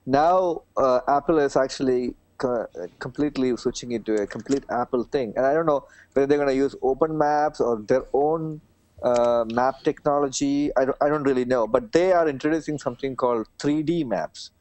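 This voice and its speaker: A man's voice: medium pitch, moderate pace, darkish tone. South Indian man in casual chat. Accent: South Indian English. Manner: rambling, hesitant, self-mocking.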